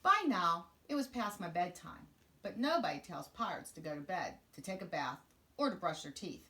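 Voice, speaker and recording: A woman teacher reading a children's picture book aloud in an expressive, sing-song way. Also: fairly low pitch, moderate pace. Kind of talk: children's storybook read-aloud.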